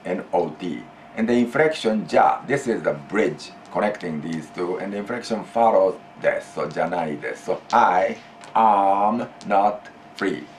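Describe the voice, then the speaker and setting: Japanese-accented male teacher, lowish voice, repeats and stretches examples for the class. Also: slight background noise. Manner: deliberate, repeats key phrases, stretches out example phrases. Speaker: language teacher. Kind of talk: classroom language lesson.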